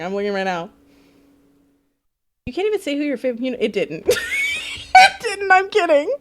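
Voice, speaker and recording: A young woman live-streaming a game, chatting casually, laughing a lot and swearing. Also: on the high side. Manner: giggly, animated, swears. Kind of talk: casual live-stream chat over gameplay.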